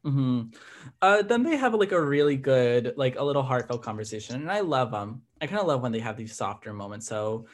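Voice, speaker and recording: A man's voice: mid-range voice, big pitch swings, brisk. A man co-hosting a podcast, chatting casually as he recaps a TV episode, with lots of "like" fillers. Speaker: podcast co-host.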